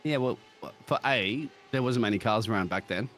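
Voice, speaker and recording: An Australian man commenting on a sim racing broadcast, joking and laughing often, with excitable jumps in pitch. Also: moderate pace, music in the background. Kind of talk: live race commentary banter.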